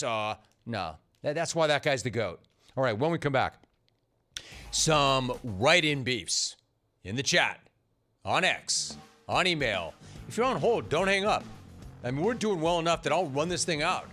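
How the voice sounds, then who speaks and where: Animated male sports radio host. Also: fairly high pitch, unhurried, faint music behind. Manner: animated, riffing, emphatic.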